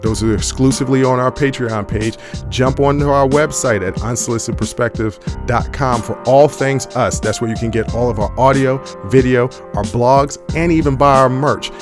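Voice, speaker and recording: A male podcast host talks in a relaxed, frank way, breaking into laughter often. His voice sits in an ordinary middle pitch. Music plays clearly behind him. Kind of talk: casual podcast chat.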